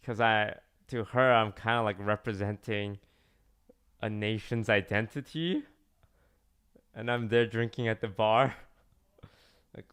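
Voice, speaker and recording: Casual young man with a gravelly voice. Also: fairly low pitch, big pitch swings, slow, pauses often, fairly bright tone. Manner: rambling, many restarts and "like" fillers. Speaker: streamer telling a story. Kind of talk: casual storytelling.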